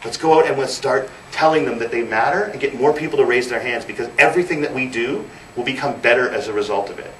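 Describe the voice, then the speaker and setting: A man's voice: medium pitch, fast, hardly any pauses, a bit bright. A man in his thirties giving a motivational speech as guest speaker, telling stories with emphatic repetition. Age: 30s. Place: event hall. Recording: roomy, distant mic, faint noise.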